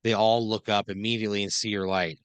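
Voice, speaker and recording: A man's voice: fairly low pitch, level tone, fast talker, clear, resonant tone, no room sound. A man improvising a comedic second-person story on a podcast, rambling loosely with lots of fillers.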